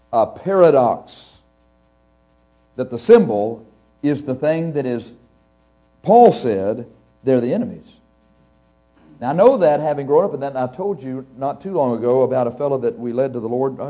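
A man's voice: medium pitch, animated, normal speed, dark tone, soft background music. A male pastor preaching to a live congregation in a conversational, anecdotal way, chuckling often and asking the audience questions. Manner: speaks straight to the audience, asks questions.

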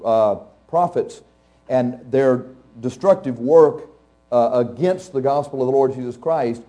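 A male pastor preaches to a live congregation at a measured pace, his mid-range voice dark in tone, with faint music behind him. His style is conversational and anecdotal; he chuckles often and speaks straight to the audience, asking them questions.

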